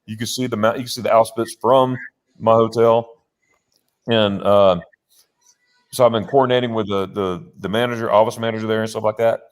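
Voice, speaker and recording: A man's voice: fairly low pitch, brisk. Rambling man telling a story. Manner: rambling, animated anecdote with many restarts. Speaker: host. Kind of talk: casual storytelling chat. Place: home office. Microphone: laptop.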